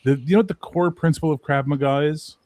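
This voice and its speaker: A man in casual chat, telling profane, animated anecdotes and acting out the people in them. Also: a little high, quick pace, dry recording.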